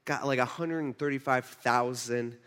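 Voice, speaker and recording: A male pastor retells a scripture story in a casual, animated sermon, with many restarts as he talks. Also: medium pitch, moderate pace, smooth. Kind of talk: conversational sermon.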